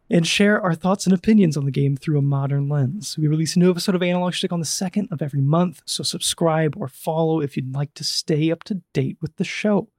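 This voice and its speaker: A man hosting a casual podcast, joking quickly and a little out of breath, recording in a small booth. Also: fairly high pitch, gravelly, darkish tone, dry recording, clean studio sound. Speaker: podcast host.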